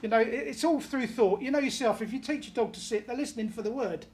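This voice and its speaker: Chatty higher-voiced woman giving a medium reading. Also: fast talker, a little mellow. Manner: chatty, relays messages, often checks in with "do you understand".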